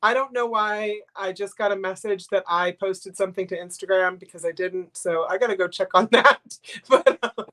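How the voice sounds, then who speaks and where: A woman's voice: mid-range voice, moderate pace, a bit bright. Sniffly, gushing older woman host. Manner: rambling, gushing, emotional. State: sniffly from crying. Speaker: livestream host. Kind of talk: casual live-stream chat.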